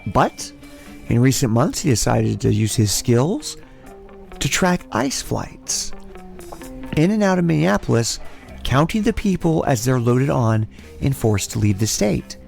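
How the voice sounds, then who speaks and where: A man hosting a podcast, recapping news in a casual, animated way with plenty of swearing. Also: medium pitch, unhurried, vocal fry, soft background music. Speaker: podcast host. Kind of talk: casual chat.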